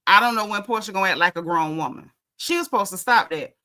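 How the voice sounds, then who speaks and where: A woman's voice: medium pitch, fast talker, few pauses, bright, forceful tone. A woman giving a casual, opinionated recap of a reality TV show, speaking bluntly with lots of slang.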